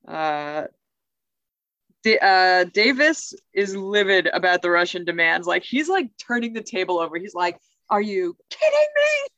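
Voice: mid-range voice, expressive, measured pace, pushed and bright, dry recording, lo-fi sound. Chatty cohost going over an episode, lots of "like", dead dry mic. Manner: chatty, says "like" often, laughs easily. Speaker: podcast co-host. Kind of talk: casual episode recap chat.

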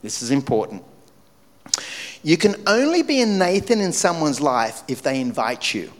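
A man preaching a sermon, telling a story with lively shifts between loud punchy lines and low, quiet, weighty ones. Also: normal speed, in a large hall. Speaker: pastor.

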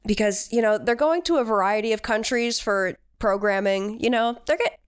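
Wry woman podcast host, smooth clear voice. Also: fairly high pitch, moderate pace, dry recording, clean studio sound. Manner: wry, sarcastic storytelling. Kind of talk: casual chat.

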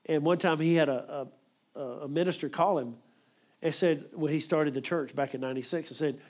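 Male preacher, slightly higher voice, emphatic, quick sermon delivery. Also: darkish tone.

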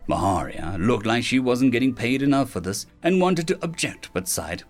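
Animated male audiobook narrator. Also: medium pitch, moderate pace, faint music behind. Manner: expressive storytelling. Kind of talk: scripted narration.

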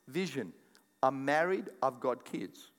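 An older man preaching a sermon as pastor, animated and jokey, often repeating his words. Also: mid-range voice, slow pace. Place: church hall. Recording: echoey church hall sound.

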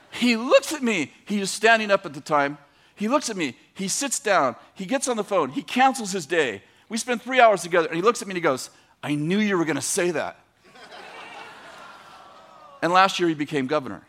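A man's voice: high-pitched, a bit bright, slight background noise. A man preaching on a podcast, telling a long story with laughs and growing emphasis.

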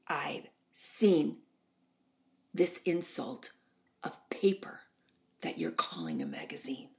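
Norma Desmond, a woman doing a husky ghost diva. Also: huge pitch swings, takes it slowly, full character voice. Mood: imperious. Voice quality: husky low whisper. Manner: imperious, drawling, grandiose. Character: haughty aging female silent-film diva ghost.

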